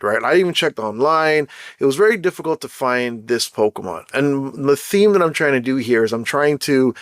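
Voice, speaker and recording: A man with a Jamaican accent hosting his own podcast, talking in a blunt, chatty, animated way full of slang. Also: mid-range voice, dry recording, clean studio sound. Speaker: podcast host. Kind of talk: casual solo podcast talk.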